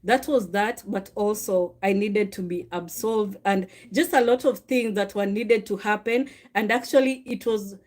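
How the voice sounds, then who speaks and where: A middle-aged woman, a mother telling a personal faith story in a lively, confessional way. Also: mid-range voice, a little slow, hardly any pauses. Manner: animated, confessional, acts out quoted dialogue. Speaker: mother sharing a faith testimony.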